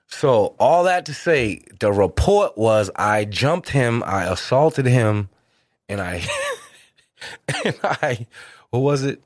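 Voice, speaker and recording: A man's voice: dry recording, studio quality. A middle-aged man telling a story in casual, slangy, profane talk, acting out quotes with big jumps in his voice. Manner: animated, acts out quotes with big pitch jumps. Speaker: guest.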